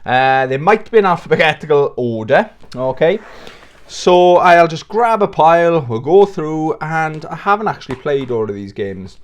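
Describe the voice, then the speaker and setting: A man's voice: on the high side, expressive, normal speed. A British man hosting a casual video channel, rambling and joking at his own expense into a plugged-in microphone. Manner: rambling, jokey, self-mocking. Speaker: YouTube host. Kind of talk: casual vlog chat.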